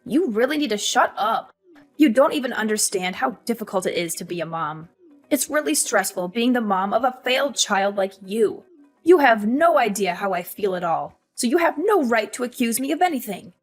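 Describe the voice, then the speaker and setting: A woman voicing a cold, scornful middle-aged mother in an animated story, with a cutting, dismissive way of talking. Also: on the high side, moderate pace, faint music behind.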